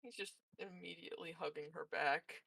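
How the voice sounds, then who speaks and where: A woman narrating her character's actions casually in a roleplay session, soft and hesitant. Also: fairly low pitch, steady tone, moderate pace, vocal fry, dry recording, poor audio. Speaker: tabletop roleplay player.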